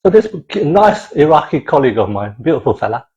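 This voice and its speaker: A man telling a comic story in an animated, digressive way, full of exclamations. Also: on the high side, a little fast, highs cut off. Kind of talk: comic monologue.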